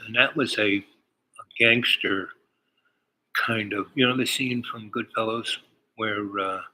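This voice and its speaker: A man's voice: lowish voice, fairly even intonation, slow, long pauses, bright, forceful tone, a little hiss or hum, rough recording. An older man telling a meandering personal story, full of fillers and asides. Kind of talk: rambling personal anecdote.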